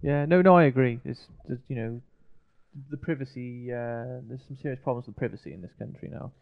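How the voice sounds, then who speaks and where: A gravelly yet smooth man chimes in on a casual podcast chat with wry, sarcastic comments. The sound is dry and dull, with a lo-fi quality. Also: mid-range voice, fairly quick.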